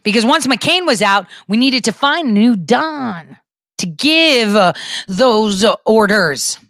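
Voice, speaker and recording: A woman's voice: on the high side, expressive, slow pace, a bit bright, dry recording, clean studio sound. A woman giving an emphatic, repetitive political monologue with crude asides.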